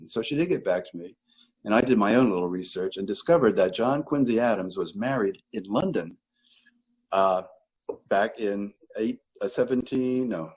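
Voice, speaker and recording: A man's voice: lowish voice, lively intonation, normal speed, a little mellow, husky, low-quality recording. An older man, a retired choral director, telling long rambling anecdotes in an interview, correcting himself as he goes. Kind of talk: relaxed interview storytelling.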